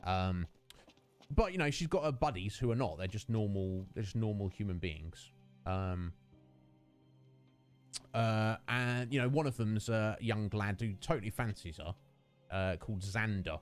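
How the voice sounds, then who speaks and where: A man's voice: lowish voice, animated, a little slow, pauses often, faint music behind. A man streaming a video game, chatting casually and rambling through a rant with lots of fillers. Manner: rambling, ranting, many fillers.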